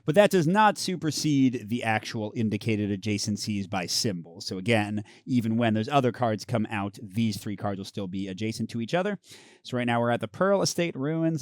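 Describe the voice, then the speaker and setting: Male host for a card game playthrough: casual, explanatory, reads flavor text aloud, animated delivery, dry sound. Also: fairly low pitch, normal speed, no echo. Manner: chatty, explains rules while reading story text. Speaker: host of a board game channel.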